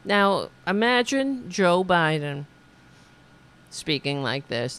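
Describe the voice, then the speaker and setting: A woman's voice: low-pitched, lively intonation, slow pace, smooth. A woman hosting a political commentary show, talking in a sarcastic, mocking way. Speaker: podcast host.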